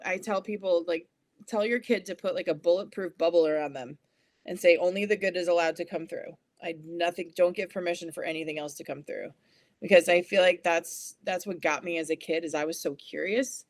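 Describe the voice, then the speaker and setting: A woman's voice: on the low side, fairly even intonation, brisk, darkish tone, no room sound. A woman in her thirties, a psychic medium guest, chatting casually with many "like" fillers. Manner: chatty, many "like" fillers, acts out children's voices. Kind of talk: casual interview chat.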